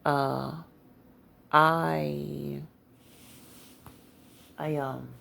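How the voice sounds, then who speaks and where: A tired woman telling a personal religious testimony in a rambling, halting way, full of fillers. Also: low voice, flat delivery, vocal fry, fairly bright tone. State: tired, yawning. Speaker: Christian testimony speaker.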